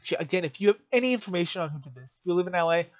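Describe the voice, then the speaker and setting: A man with a fairly high voice gives rambling, emotional commentary, often stumbling and restarting mid-sentence. The recording is dull and lo-fi, like a cheap mic. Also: lively intonation, rapid-fire. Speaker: political commentary vlogger. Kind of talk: rambling commentary while reading articles.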